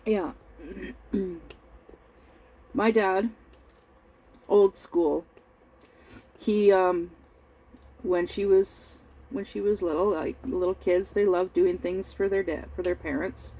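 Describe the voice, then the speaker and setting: A middle-aged woman rambles through a family story at an unhurried, slow pace, often stopping to clear her throat or fill a gap. Her voice is mellow and soft-edged. She sounds over-tired. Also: medium pitch, fairly even intonation, low-quality recording. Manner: rambling, halting, with frequent throat-clearing and fillers. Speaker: crafting vlogger. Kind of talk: casual storytelling while crafting.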